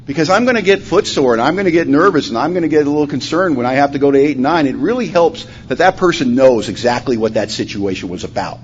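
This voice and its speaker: A man telling his recovery story at a conference, acting out the dialogue, his voice rising loud and dropping to a hush. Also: medium pitch, lively intonation, quick pace, hardly any pauses. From Washington state, USA. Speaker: recovery meeting speaker. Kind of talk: personal testimony talk. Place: conference hall. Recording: dull lo-fi conference recording, faint hum.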